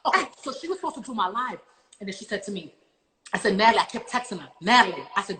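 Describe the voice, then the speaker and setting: A woman's voice: mid-range voice, fast. A woman hosting a casual podcast chat, telling a dramatic story with lots of swearing and quoted dialogue. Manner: animated storytelling, swearing, quoting others. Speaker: podcast host. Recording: echoey room with faint noise.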